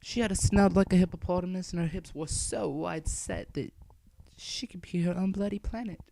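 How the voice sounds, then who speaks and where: A young woman telling an improvised crude comic story from her bedroom. She swings between soft mutters and loud squeals. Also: fairly low pitch, moderate pace, gravelly, slight background noise. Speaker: comedian.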